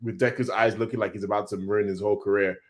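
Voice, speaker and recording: A man hosting a casual manga reaction, reading panels aloud in an excitable, slangy way. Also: fairly low pitch, quick pace.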